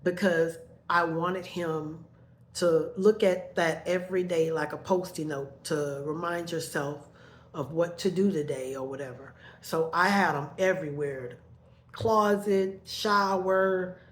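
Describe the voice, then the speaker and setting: A middle-aged woman telling a painful personal story, halting and repeating her words as her emotions rise. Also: lowish voice.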